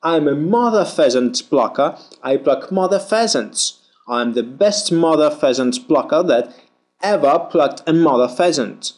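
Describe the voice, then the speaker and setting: Guy reading pronunciation drills, slow and super careful, voice jumps up and down a lot. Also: on the high side, expressive, a little mellow. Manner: slow, deliberate, over-articulated reading. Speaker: pronunciation teacher.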